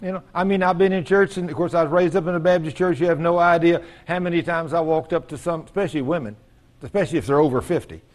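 A man preaches a sermon in church. His voice sits a little high for a man. He tells folksy stories and acts out the voices of the people in them. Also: fast. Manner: folksy storytelling, acting out quoted voices.

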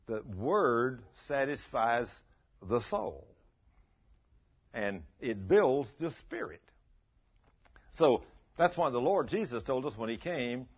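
A man preaching a sermon, folksy and storytelling, swinging between soft and loud. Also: mid-range voice, lively intonation, slow, pauses often, breathy edge. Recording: dull lo-fi recording.

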